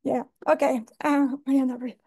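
A woman's voice: high-pitched, little pitch movement, normal speed, a little mellow, husky, no room sound, studio quality. A woman presenting on a video call, emotional and apologetic, flustered by screen sharing. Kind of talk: online conference talk.

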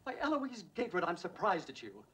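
A self-important, fussy banker, brisk delivery, 1960s western film sound. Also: male voice, sits high, wildly swooping pitch, a bit bright, heavily acted. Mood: pompous. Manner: pompous, fussy. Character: pompous, fussy middle-aged male banker. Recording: film soundtrack with background noise.

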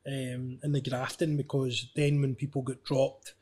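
Male podcast host, mid-pitched, casual, jokey, matey. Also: flat delivery, measured pace, a little mellow, slight background noise. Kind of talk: casual interview chat.

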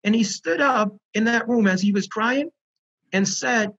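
A man with a high, husky voice tells his stories with earnest energy, doubling back on words to land them. The call audio is muffled and lo-fi. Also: measured pace. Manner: earnest, animated storyteller who repeats words for emphasis. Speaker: founder of a prisoner reentry program. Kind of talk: storytelling in an online panel interview.

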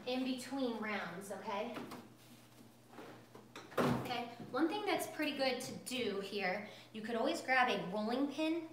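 A chatty, bubbly woman leads a live cooking class, pitched a little high and talking right to her viewers. Her voice bounces around a roomy home kitchen, with steady noise underneath. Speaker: cooking instructor.

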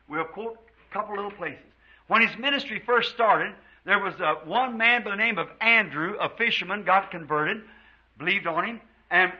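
A man from the United States preaches to his congregation with fervour, his voice pitched high and a little husky. He stretches out his scripture quotes slowly, then speeds through the asides. The recording is dull and lo-fi, like an old church tape. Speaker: pastor. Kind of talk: sermon.

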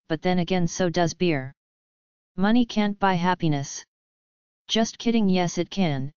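A woman reading a list of drinking jokes and one-liners in a flat, even delivery. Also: fairly low pitch, smooth, dry recording. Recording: dull lo-fi dry recording.

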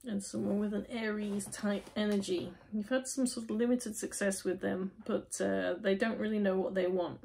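Chatty woman with a husky voice. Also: mid-range voice, steady tone, moderate pace, few pauses, darkish tone. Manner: chatty, talks straight to the viewer, asks and answers her own questions. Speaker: tarot reader. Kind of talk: casual tarot reading to camera.

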